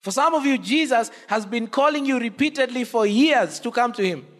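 A man's voice: very high-pitched, expressive, moderate pace, long reverb tail. A man preaching a sermon from a pulpit, impassioned, his voice swelling on repeated cries and appeals. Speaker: pastor. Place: church with long reverb.

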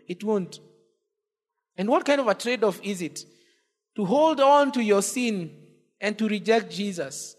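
A man's voice: sits high, lively intonation, moderate pace, darkish tone, big-room sound. A man preaching a sermon from a pulpit, impassioned, his voice swelling on repeated cries and appeals. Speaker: pastor. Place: church with long reverb.

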